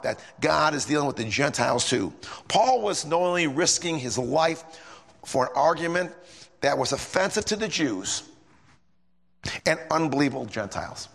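Gravelly, husky man preaching in an echoey hall. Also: a little high, lively intonation, normal speed, fairly bright tone. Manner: folksy, rambling, emphatic with frequent restarts. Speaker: lay preacher. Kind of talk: bible study sermon. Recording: echoey hall with long reverb.

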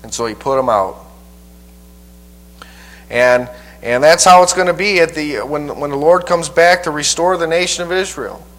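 Folksy, halting man preaching a sermon. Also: on the high side, fairly bright tone, rough recording. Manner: folksy and halting, with frequent repeats. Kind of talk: verse-by-verse Bible teaching.

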